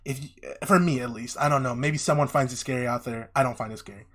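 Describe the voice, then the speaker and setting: Excitable young man retelling a story. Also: mid-range voice, fast talker. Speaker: podcast co-host. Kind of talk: casual chat, animated retelling of an anime plot.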